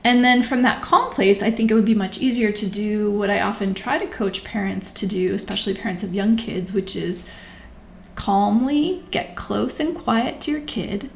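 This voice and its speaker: A woman speaking to camera in a thoughtful, conversational way, gently coaching listeners. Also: mid-range voice, moderate pace, gravelly. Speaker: physician hosting her own video channel. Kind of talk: reflective talk to camera. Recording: echoey room with faint background noise.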